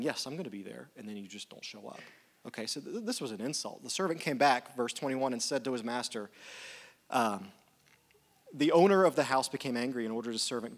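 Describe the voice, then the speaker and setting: A man preaching a sermon in a relaxed, conversational tone. He slips into lively acted-out dialogue as he retells a story, and his pitch sits in a middle range. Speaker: pastor.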